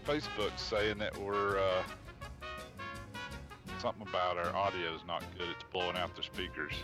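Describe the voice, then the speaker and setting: A man's voice: low voice, flat delivery, moderate pace, music in the background. A man co-hosting a hobby podcast, offhand and laid-back, swearing casually. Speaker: podcast co-host.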